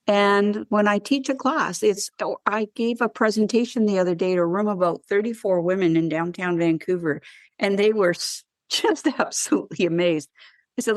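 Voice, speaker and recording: A woman talks as a guest on a wellness podcast and tells her stories with animated, acted-out dialogue. Her voice sits at a middle pitch. It is recorded dry and close, with no room sound. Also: no room sound. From Canada. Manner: animated storyteller who acts out dialogue. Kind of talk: podcast interview.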